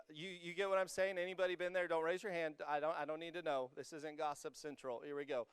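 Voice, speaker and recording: A young man preaching to a student congregation, energetic and joking with the crowd, rising to emphatic peaks as he reads scripture. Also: on the high side, fast, hardly any pauses, clean tone, no room sound, clean studio sound. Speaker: youth pastor. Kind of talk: sermon. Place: church hall with a student congregation.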